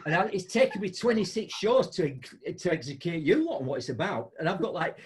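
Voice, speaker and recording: Lively, high-voiced storytelling man. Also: brisk. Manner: animated, laughing storyteller with big pitch jumps. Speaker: podcast host. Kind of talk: casual storytelling chat.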